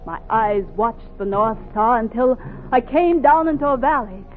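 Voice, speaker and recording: A woman plays a young enslaved woman fleeing north, earnest and defiant, in a vintage radio play. Her voice sits high. It comes through a thin, tinny old radio recording. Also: lively intonation, moderate pace, faint music behind, close to an everyday voice. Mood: breathless. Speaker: narrator and lead. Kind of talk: 1950s radio drama acting.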